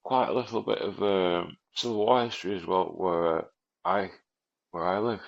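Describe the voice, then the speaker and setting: A man's voice: deep voice, normal speed, gravelly, lo-fi sound. An English man hosting a podcast, chatting casually over a remote call in a laid-back way, laughing often and calling his guest mate. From England. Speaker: podcast host. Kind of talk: casual conversation.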